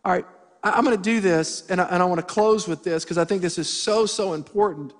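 Middle-aged guy preaching, high voice, cracking jokes and telling a story, big echoey church hall. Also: brisk. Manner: animated, humorous storytelling with voiced asides to the congregation. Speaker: pastor. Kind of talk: sermon with storytelling. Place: church sanctuary. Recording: church hall with long reverb.

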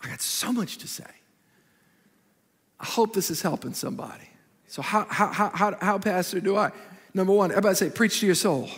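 A man preaching a lively sermon in a large church auditorium, his high voice carrying a gravelly edge. He repeats phrases for emphasis and slips into quick acted-out quotes. The sound rings with the long reverb of a big hall. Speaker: pastor.

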